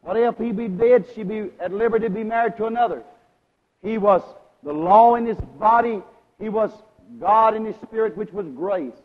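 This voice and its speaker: A man preaching a sermon, questioning his congregation and asking them to agree, his loudness swinging between strong and hushed. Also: sits high, moderate pace. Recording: lo-fi recording with a long hall echo.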